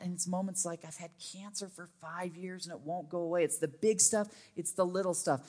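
A man in his thirties, a pastor, preaching a sermon in an earnest, conversational way that grows animated when he tells stories. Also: mid-range voice.

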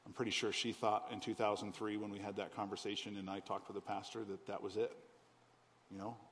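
A man's voice: fairly low pitch, flat delivery, fairly quick, a bit bright, slight background noise. A middle-aged man, a pastor, telling a personal testimony in a sermon, talking candidly and conversationally with many ums. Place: church auditorium. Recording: church hall reverb, faint ambience.

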